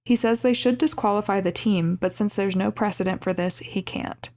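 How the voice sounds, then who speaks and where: A young woman with a mid-pitched, gravelly voice tells the plot of a movie to a friend. She gets animated, throwing her voice high or low as she acts out the characters' lines. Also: moderate pace. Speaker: podcast co-host. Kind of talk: casual movie recap chat.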